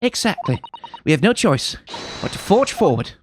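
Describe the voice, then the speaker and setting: A man voicing a formal, measured older male judge presiding over a trial. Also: high voice, big pitch swings, noisy background.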